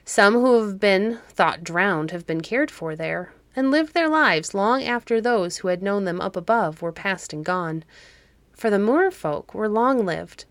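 A woman narrating a fairy-tale audiobook in an even, measured reading voice. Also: medium pitch, dry recording. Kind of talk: scripted storybook narration.

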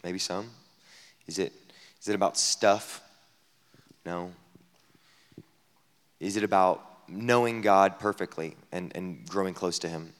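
A man preaching a sermon as a pastor at a camp gathering, talking conversationally with many rhetorical questions, dropping to a hush and then rising loud. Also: low voice, takes it slowly, pauses often. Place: camp meeting hall. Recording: long hall reverb.

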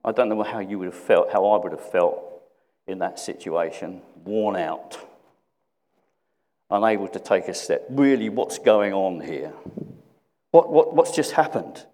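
A man with a lowish voice gives a reflective sermon. He repeats questions and drops to a hush. The sound rings with the long reverb of a hall. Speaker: preacher.

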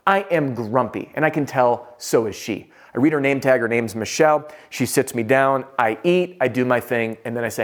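Man, sales trainer, storytelling, animated, self-deprecating, conversational, mid pitch. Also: normal speed, few pauses.

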